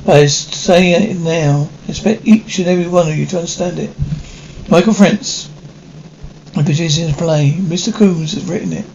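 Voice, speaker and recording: A man's voice: fairly high pitch, normal speed, vocal fry, a little mellow, dull audio. A man playing a brusque young male stage director in a 1950s television drama, speaking in a clipped, commanding way. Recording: faint hiss of an old TV soundtrack.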